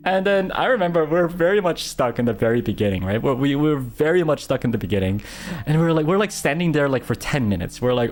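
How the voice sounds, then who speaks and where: A young man streamer telling a story in casual chat, animated, with stammering restarts and frequent laughter. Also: fairly high pitch, brisk, soft background music.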